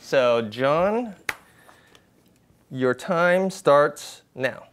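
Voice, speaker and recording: A man's voice: fairly high pitch, expressive, very slow, slight background noise. A man moderating a mock debate as judge, amused and a little hesitant.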